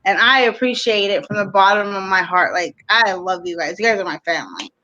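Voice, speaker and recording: A woman, a guest on a live talk show, warmly thanking the host and viewers. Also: mid-range voice, lively intonation, a little fast, lo-fi sound. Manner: sincere, grateful, gushing thanks. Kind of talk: emotional live-stream chat.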